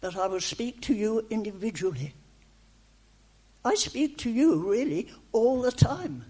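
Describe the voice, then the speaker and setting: A woman delivers a prophetic message in the voice of God, speaking in short, repeated, reassuring phrases. She speaks slowly, with long pauses between her words. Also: on the high side, expressive, warm tone, husky. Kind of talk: prophetic speech in the first person as God.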